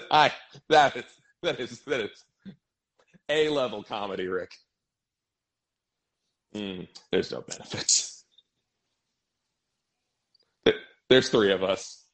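A man's voice: lowish voice, slow pace, long pauses, fairly bright tone. A man co-hosting a casual podcast, teasing his friend with sarcastic jokes and stammered restarts. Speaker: podcast co-host. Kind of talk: casual chat.

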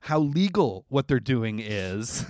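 A man's voice: medium pitch, slow pace, no echo, studio quality. A man telling a story in casual chat, acting out the people he quotes and laughing often. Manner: animated, acts out quoted voices, laughs often.

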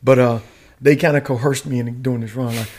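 Fast-talking husky-voiced man. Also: mid-range voice. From United States. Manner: profane, animated storyteller. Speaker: guest, retired Army warrant officer. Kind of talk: casual storytelling.

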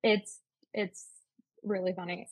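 A woman's voice: medium pitch, flat delivery, takes it slowly, no echo, poor audio. A woman co-hosting a podcast in a casual chat, laughing often and acting out the people she describes. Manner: chatty, laughs often, acts out characters. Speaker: podcast co-host.

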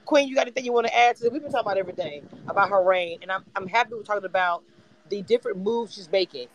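A man's voice: sits high, racing, rough recording. A man hosting a live audio chat room, ranting in a profane, fired-up casual way. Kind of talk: heated casual fan talk.

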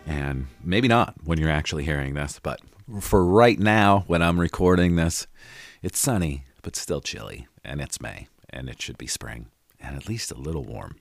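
A man's voice: extremely low pitch, lively intonation, normal speed, vocal fry, no room sound, clean studio sound. A middle-aged man hosting a motivational podcast, talking in an earnest, conversational way with emphatic repetition and the odd swear word. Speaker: podcast host and life coach. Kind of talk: casual motivational monologue.

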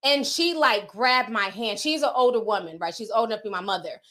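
A woman's voice: fairly high pitch, brisk. A middle-aged woman from the northern US hosting a livestream, telling stories in casual chat and reading out viewer comments. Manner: chatty storytelling, animated quoted voices. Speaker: livestream host.

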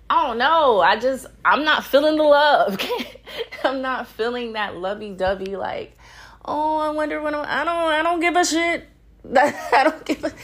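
With a voice on the low side and a little bright, a young woman runs her own podcast alone. She talks candidly and casually, laughing a lot and swearing without holding back.

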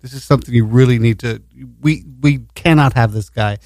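A man's voice: mid-range voice, brisk, darkish tone, no room sound, studio quality. A man co-hosting a podcast in crude, rambling casual banter, laughing often. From New York. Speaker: podcast co-host.

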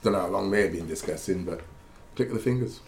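Lively former footballer telling stories. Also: male voice, low-pitched, fast talker, roomy sound, a little hiss or hum. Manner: animated storyteller, many restarts. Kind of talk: casual chat, storytelling.

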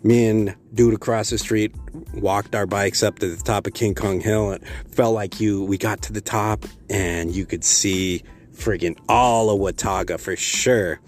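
Low-voiced man, casual profane storyteller, rambling with fillers, faint music bed. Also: steady tone, measured pace. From Texas.

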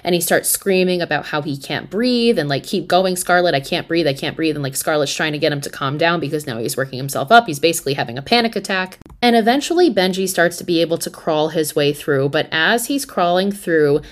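Low-voiced woman recapping a horror film. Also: brisk, hardly any pauses. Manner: animated, profane, slangy storytelling. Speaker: podcast host. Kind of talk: casual movie recap.

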